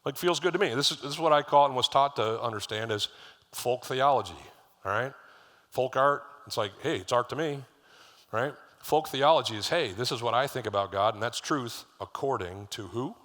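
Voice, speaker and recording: A man's voice: mid-range voice, normal speed, a bit bright. A middle-aged man preaching a sermon as lead pastor, conversational and storytelling, with asides to the congregation. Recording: live church hall reverb.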